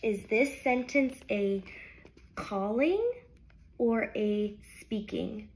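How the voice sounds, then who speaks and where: A young adult woman teacher reading a picture book aloud to young children in a slow, sing-song storybook voice. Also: medium pitch, darkish tone.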